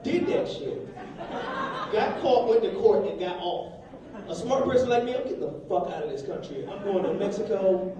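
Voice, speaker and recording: A man's voice: high voice, expressive, normal speed, recorded from a distance. A man doing a brash, profane stand-up set on a comedy club stage, baiting the crowd. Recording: echoey live club, mic heard from afar, crowd laughter.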